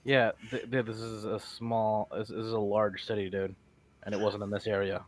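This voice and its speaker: A male player makes dry, sarcastic remarks during a tabletop game. His voice sits fairly low. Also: little pitch movement, normal speed. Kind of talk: casual chat.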